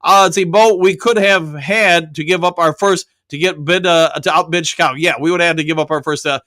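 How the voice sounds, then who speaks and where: A man's voice: fairly high pitch, steady tone, fairly quick, sharp tone, no echo, studio quality. A middle-aged man hosting a live stream, casually reading viewer comments aloud and answering them. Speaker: host.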